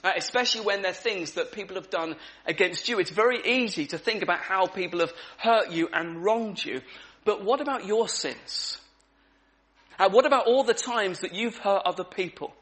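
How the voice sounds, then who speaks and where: A man's voice: high voice, normal speed, fairly bright tone. A man preaching an evening sermon in a conversational way, repeating key words for emphasis.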